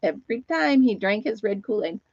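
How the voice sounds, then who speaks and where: A woman's voice: mid-range voice, lively intonation, brisk, a little mellow, no room sound. Chatty woman on a dull home stream. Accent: Upstate New York. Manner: chatty, laughs often, talks to her dog and viewers. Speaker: livestream host. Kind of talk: casual live chat.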